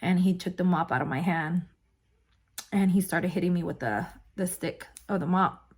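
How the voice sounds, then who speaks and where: Gravelly, husky woman telling her story. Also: fairly low pitch, normal speed, a little mellow. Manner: candid, swearing, many fillers. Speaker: vlogger. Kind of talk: personal storytelling.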